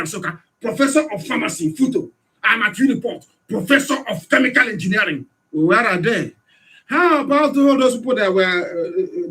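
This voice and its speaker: On the radio, a high-voiced Nigerian man delivers a fiery political address, haranguing listeners with rhetorical questions and at times shouting.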